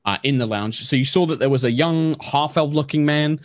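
A man narrating as game master in a relaxed, rambling way, with many fillers. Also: a little high, brisk, no room sound.

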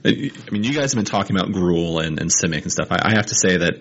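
A man's voice: low voice, expressive, quick pace, a bit bright, dull audio. A man co-hosting a podcast, chatting casually and explaining things with enthusiasm. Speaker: podcast co-host. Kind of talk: casual chat.

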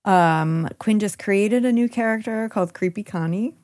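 A woman co-hosting a podcast in casual chat, upbeat and quick to laugh. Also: medium pitch, darkish tone, no room sound, clean studio sound. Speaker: podcast co-host.

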